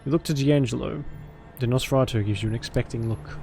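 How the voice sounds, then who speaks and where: A man narrating a visual novel aloud in a measured, theatrical way. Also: medium pitch, vocal fry, dark tone, soft background music. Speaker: streamer and voice actor.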